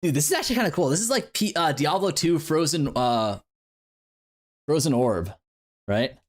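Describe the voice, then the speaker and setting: A man's voice: fairly high pitch, expressive, moderate pace. Rambling young male game streamer. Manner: rambling, playful, many fillers and restarts. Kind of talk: casual livestream chat.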